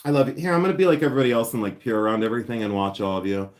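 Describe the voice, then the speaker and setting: A man hosting a casual live stream, chatty, excitable and self-mocking as he shows vintage finds indoors. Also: mid-range voice, racing, a little hiss or hum. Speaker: livestream host selling vintage finds. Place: indoors at home, seated with items.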